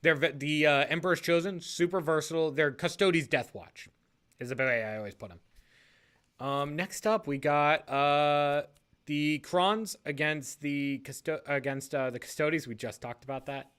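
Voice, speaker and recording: A man's voice: a little high, normal speed, a bit bright, smooth. A man casually talking through league matchups on a podcast. He rambles, corrects himself mid-sentence and laughs often.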